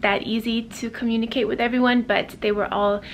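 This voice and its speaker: A woman's voice: fairly high pitch, level tone, brisk. Chatty woman vlogging over road noise. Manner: chatty, upbeat, frequent "like" fillers. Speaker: travel vlogger. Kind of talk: casual vlog narration to camera. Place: in a car, then outdoors.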